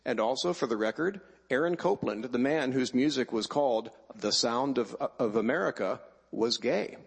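A man's voice: medium pitch, normal speed, vocal fry, breathy edge. A middle-aged man giving a wry, emphatic personal speech at a choir event before introducing the choir. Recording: long hall reverb.

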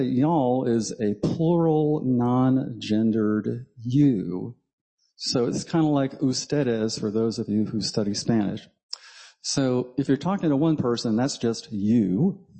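A man's voice: mid-range voice, dark tone, slightly rough. Southern man speaking from a pulpit. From South Carolina. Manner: chatty, many ums, self-deprecating jokes. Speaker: guest speaker. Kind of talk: humorous talk from the pulpit. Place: church sanctuary. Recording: long hall reverb.

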